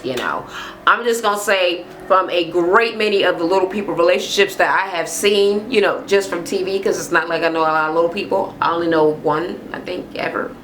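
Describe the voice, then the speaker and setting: A woman with a lowish voice recaps a reality show on her channel, with a slight hiss or hum in the audio. She's blunt and swears heavily, animatedly acting out what people said in a casual rant.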